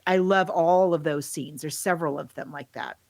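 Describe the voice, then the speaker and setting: A woman co-hosting a podcast, chatting casually about a movie and telling scenes in an animated way. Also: sits low, creaky, no echo. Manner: animated storyteller who acts out scenes with quick laughs. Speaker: podcast co-host.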